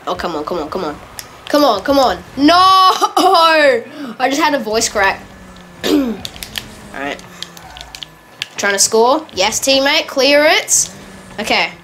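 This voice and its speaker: A woman talks through an online match in a casual, running commentary with a fairly high voice. She gets excitable and laughs easily. She often stops to correct herself. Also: measured pace, long pauses, a little hiss or hum. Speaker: gamer.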